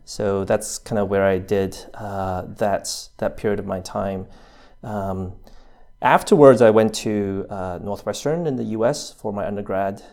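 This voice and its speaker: Guest, male, 30s, American accent; low, gravelly voice, hesitant delivery full of ums. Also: unhurried, a little mellow. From New Zealand. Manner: hesitant, lots of fillers and restarts. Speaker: interview guest. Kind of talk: casual interview.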